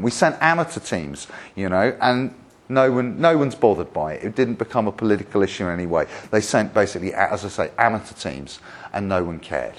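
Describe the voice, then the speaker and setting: A man from Britain lectures on history, his pitch rising and falling widely as he builds each point. He talks emphatically, pausing on rhetorical questions and asides, in the manner of a seasoned lecturer telling a story. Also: sing-song.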